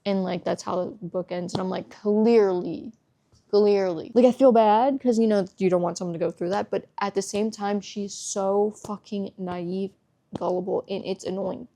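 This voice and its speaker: A woman's voice: medium pitch, fairly even intonation, moderate pace, creaky, dark tone. A woman book vlogger giving an exasperated, swear-heavy casual review rant at home.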